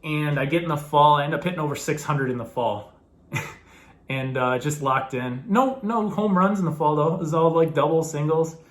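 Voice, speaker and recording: A young man tells a story straight to the camera in a relaxed, chatty way. His voice sits a little high for a man. He gets animated, often laughs, and acts out the people in the story. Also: normal speed. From New York. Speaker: former college baseball player telling his story.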